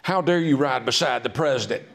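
Field: author reading. Figure: a man doing a shrill, screechy, jealous first lady. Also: brisk, gravelly. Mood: indignant. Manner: indignant outburst. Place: public library meeting room.

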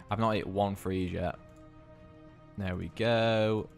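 A man hosting a gaming video, giving excitable gameplay commentary, swearing constantly and bursting into yells. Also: lowish voice, slow, gravelly, faint music behind.

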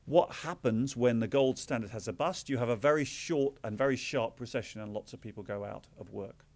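English man, middle-aged, public lecture, wry asides, mid-pitched voice. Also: brisk, darkish tone. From England. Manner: wry, self-deprecating asides. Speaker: author giving a talk.

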